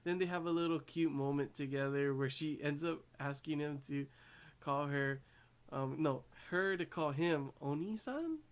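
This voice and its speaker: A man's voice: on the high side, moderate pace. A man recapping an anime episode in a casual, rambling way, full of fillers and restarts, gushing over the cute scenes. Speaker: anime reviewer.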